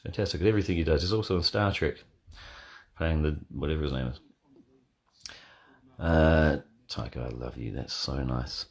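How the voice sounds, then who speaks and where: A man hosting a casual live watch party from bed, answering chat questions in a deadpan, joking way. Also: very deep voice, normal speed, gravelly, pauses often. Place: in bed at home. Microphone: phone.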